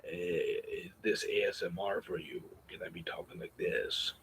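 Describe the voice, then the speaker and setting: A man whispering as a hushed podcast-host persona, whispered role-play. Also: sits low, fairly even intonation, a little hiss or hum, voice pushed down, low-quality recording. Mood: teasing. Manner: breathy, slow whisper.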